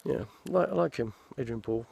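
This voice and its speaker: Older guy rambling on about his acting days outside in the woods, creaky voice, average pitch. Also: expressive, fairly quick, a little mellow. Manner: rambling, meandering storytelling with restarts. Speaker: actor recounting his career. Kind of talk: casual anecdotal chat. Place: outdoors in a forest.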